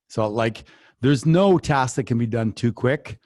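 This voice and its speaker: A man's voice: mid-range voice, a little slow, no echo. Dry-sounding man speaking with drive. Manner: energetic, animated storyteller. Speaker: business coach and guest. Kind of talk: conversational interview answers.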